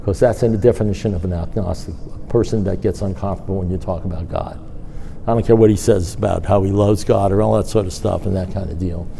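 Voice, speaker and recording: A man's voice: low voice, quick pace, gravelly, slight background noise. An older man speaking at a recovery meeting, telling a personal story and acting out the dialogue with his sponsor. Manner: storytelling, animated, acts out dialogue. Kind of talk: personal testimony talk.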